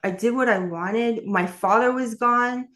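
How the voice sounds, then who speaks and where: A woman's voice: on the high side, measured pace, a bit bright. A woman telling her life story in an interview, candid and rambling, with many fillers and restarts. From New York. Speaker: author and interview guest.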